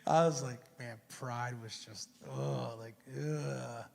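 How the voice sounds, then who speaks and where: A man preaching a sermon, telling a personal story in an animated, casual way full of slang and acted-out dialogue. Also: mid-range voice, takes it slowly, gravelly. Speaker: pastor. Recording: echoey church hall.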